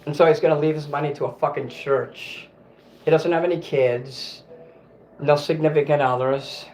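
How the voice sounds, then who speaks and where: Man ranting, higher-pitched voice. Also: steady tone, normal speed, a little mellow, a little hiss or hum. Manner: profane, bitter ranting; restarts and corrects himself often. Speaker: livestream host. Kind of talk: casual livestream rant.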